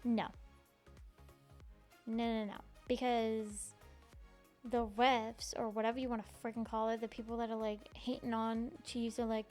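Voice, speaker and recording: A woman's voice: a little high, steady tone, a little slow, pauses often, darkish tone, soft background music. A young woman hosting a casual solo podcast, gushing and giggling, with many ums and likes. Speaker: podcast host.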